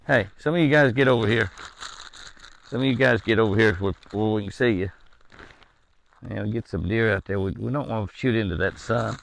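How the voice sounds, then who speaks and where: Man, gravelly voice, casual outdoor ranch vlog, coaxes deer. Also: lowish voice. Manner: coaxing, chatty, coos to the deer. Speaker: ranch owner filming his deer. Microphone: handheld camera.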